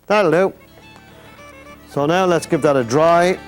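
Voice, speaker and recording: Slow and on the high side, an older Irish man's voice carries over faint background music as he hosts a painting lesson. He talks to the viewer while painting, drifting into folksy, rambling asides.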